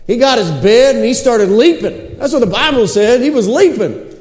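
A man preaching a sermon, telling a scripture story with lively acted-out quotes. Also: very high voice, moderate pace, roomy sound, in a large hall.

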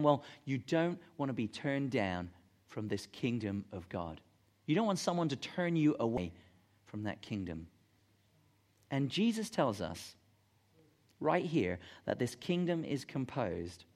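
A man preaching a sermon to a congregation, talking conversationally and emphatically and putting questions to the room. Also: medium pitch. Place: church gathering room.

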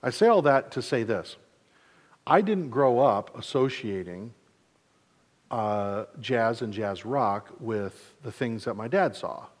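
A man's voice: medium pitch, animated, slow pace, in a large hall. A man in his forties from mid-Michigan, preaching a sermon in a casual, joking way and acting out quotes. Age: 40s. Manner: conversational, self-deprecating humor with acted-out quotes. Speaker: pastor.

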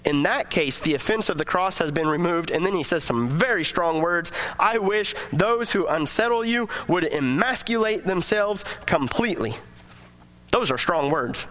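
A pastor with a high voice and lively intonation preaches to his congregation at normal speed, his tone fairly bright. He talks conversationally, reading and explaining scripture while acting out the quoted voices.

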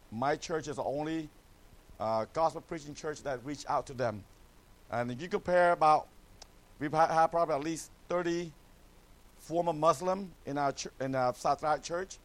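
A middle-aged man from Cambodia, a missionary pastor giving a church a joking mission update full of "amen?" asides. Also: fairly high pitch.

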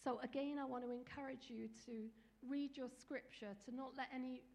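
A woman's voice: sits high, steady tone, moderate pace, creaky, darkish tone, long reverb tail. A woman preacher giving an earnest, encouraging sermon with small fillers.

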